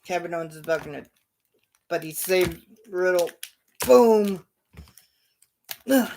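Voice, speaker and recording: A man hosting his own show, narrating imagined wrestling action in a casual play-by-play, punctuated with loud sound-effect bursts. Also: a little high, level tone, moderate pace, a little hiss or hum. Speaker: show host.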